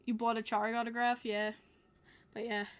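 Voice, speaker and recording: A young woman with a Long Island accent hosts a podcast, telling stories in casual chat and laughing often. Her voice is fairly high and clean, with a flat delivery at a normal speed, and her storytelling is bubbly.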